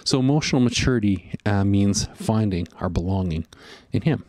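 A man's voice: lowish voice, animated, moderate pace, dark tone, no echo. A man preaching a sermon in an earnest, conversational way, often voicing inner thoughts. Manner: earnest, conversational, with fillers and voiced inner monologue. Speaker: pastor.

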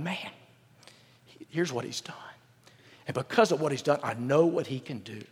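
A male pastor reads scripture to his congregation, then drops into candid, wisecracking asides. His voice sits a little high for a man. The sound rings with the long reverb of a large church sanctuary. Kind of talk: sermon.

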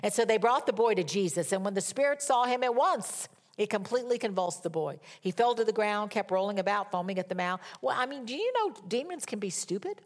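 A woman preaching a sermon and reading scripture dramatically, swinging from loud emphatic peaks down to hushed whispers. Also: medium pitch, expressive, fairly quick, hardly any pauses.

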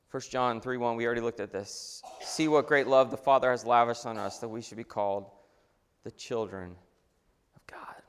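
Animated preacher in a reverberant sanctuary. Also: male voice, medium pitch, smooth. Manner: conversational, animated preaching with restarts. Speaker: pastor. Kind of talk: sermon. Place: church sanctuary. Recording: long hall reverb.

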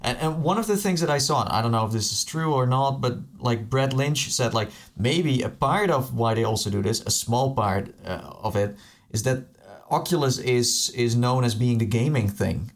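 Animated man in casual tech chat. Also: moderate pace. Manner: animated, pitch jumps when excited; repeats words when starting. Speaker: podcast co-host.

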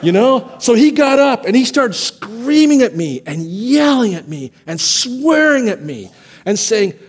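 A man preaching a sermon as pastor of a church, telling stories and acting out quotes with lively energy. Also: very high-pitched, unhurried, breathy edge. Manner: animated storytelling, acts out quotes. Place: church sanctuary.

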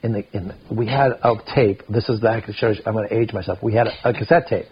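A man's voice: fairly low pitch, fast talker, breathy edge, highs cut off. A middle-aged man, a podcast guest, telling a rambling story full of quoted back-and-forth. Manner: rambling, retells scenes with quoted dialogue. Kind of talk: casual storytelling.

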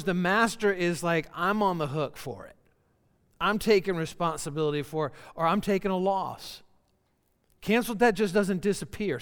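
A man's voice: sits high, smooth. A man preaching a sermon as pastor, earnest and repeating phrases for emphasis. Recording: long church reverb.

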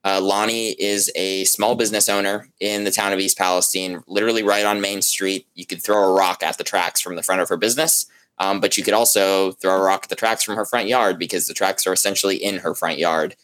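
Very low-voiced man reporter. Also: steady tone, fairly bright tone, poor audio. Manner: halting, many fillers and restarts, conversational. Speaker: journalist. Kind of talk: remote interview guest.

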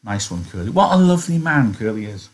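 Man, teacher, husky voice, lowish pitch, conversational literature lesson, rhetorical questions. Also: sing-song, fairly quick. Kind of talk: online literature lesson, reading aloud with commentary.

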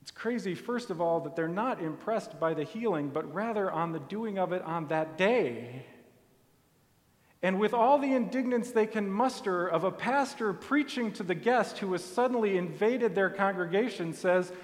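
A man preaching a sermon in a church, telling the story softly and deliberately. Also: sits high, lively intonation. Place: church sanctuary. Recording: long hall reverb.

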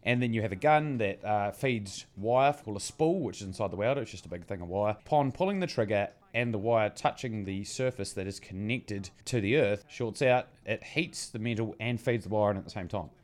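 A young man with a New Zealand accent, telling stories about his life in a relaxed, self-mocking chat. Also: lowish voice, a little fast, hardly any pauses. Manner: laid-back, self-mocking, dry humour. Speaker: guest. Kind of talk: casual storytelling chat.

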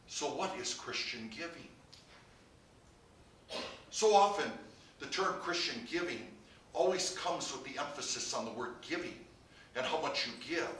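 A man's voice: on the high side, sharp tone, slight background noise. A male pastor preaching a sermon, asking the congregation one rhetorical question after another. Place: church sanctuary. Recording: echoey church heard from far off.

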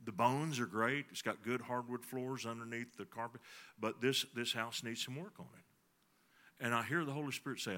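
A man's voice: medium pitch, fairly even intonation, moderate pace, pushed and bright. A middle-aged man, preaching a sermon in a folksy storytelling way and talking to the congregation. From Texas. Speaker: pastor.

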